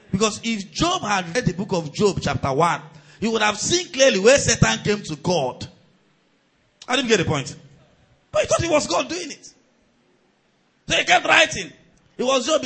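A man preaching a sermon as pastor. His delivery swings between loud, shouted surges and quieter storytelling. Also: high-pitched, husky, rough recording.

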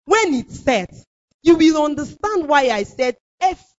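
A woman with a Nigerian accent gives a testimony sermon, her pitch leaping and falling all through. She drops to near-murmurs, then rises into loud declarations. The recording is dull and lo-fi. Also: a little fast. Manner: animated, swings from low murmurs to loud declarations. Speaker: preacher.

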